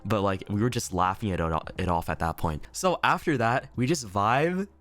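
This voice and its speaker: A young man telling a story in a casual vlog, laughing often, swearing freely and talking with animated energy. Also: on the low side, normal speed. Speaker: vlogger. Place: inn room indoors.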